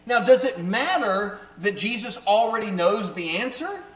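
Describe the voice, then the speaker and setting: High-voiced man teaching in an echoey room. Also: very animated, moderate pace. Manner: chatty, keeps checking in with the audience. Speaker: Bible teacher. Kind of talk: conversational Bible teaching to a group. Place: room with a live audience. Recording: roomy echo with faint hum.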